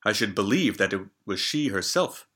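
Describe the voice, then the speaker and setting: A man's voice: lowish voice, expressive, normal speed, fairly bright tone, breathy edge. A man voicing a young prince who keeps asking puzzled questions in old-fashioned speech.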